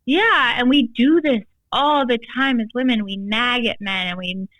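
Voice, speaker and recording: A woman's voice: on the high side, a little slow, a bit bright, dry recording, low-quality recording. Woman coach chatting on a podcast, emphatic, says like a lot, dry sound. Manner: emphatic, frequent "like" fillers. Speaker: guest, tantra and embodiment coach. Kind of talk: casual podcast chat.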